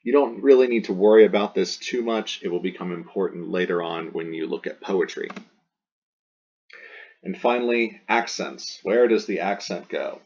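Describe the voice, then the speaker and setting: A man's voice: sits low, normal speed, a little mellow, slightly rough. A man teaching a recorded language lesson, patiently repeating terms and examples and spelling out rules step by step. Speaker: Latin teacher. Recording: dull lo-fi recording.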